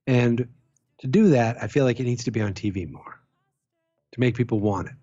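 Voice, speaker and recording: A man's voice: mid-range voice, moderate pace, warm tone. A man co-hosting a podcast in casual chat, teasing and joking and swearing freely. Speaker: podcast co-host. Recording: dull lo-fi sound.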